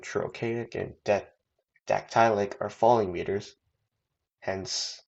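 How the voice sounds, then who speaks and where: Low gravelly man on a dull recording. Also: a little mellow. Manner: reads with small slips and fillers. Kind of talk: reading a prepared lesson.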